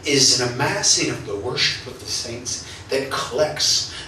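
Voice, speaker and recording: A man's voice: mid-range voice, unhurried, sharp tone, a little hiss or hum. A male pastor preaching and telling stories with animation, often laughing as he speaks. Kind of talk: sermon with personal storytelling. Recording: echoey church hall, mic at a distance.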